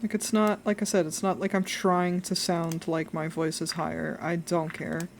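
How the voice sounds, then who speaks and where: A woman's voice: lowish voice, little pitch movement, normal speed, slight background noise. A young adult woman chatting casually while drawing on a live stream, rambling and self-reflective, laughing often.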